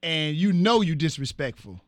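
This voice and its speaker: A man's voice: a little high, expressive, moderate pace, no room sound. A male radio host chatting casually with a caller, teasing, laughing and lecturing in loose slang. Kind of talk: casual call-in radio chat.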